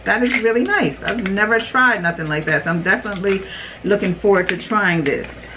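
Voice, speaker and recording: A young adult woman chatting casually while unboxing beauty products, rambling, her voice jumping high when she reacts. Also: lively intonation, a little fast, noisy background. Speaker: beauty vlogger.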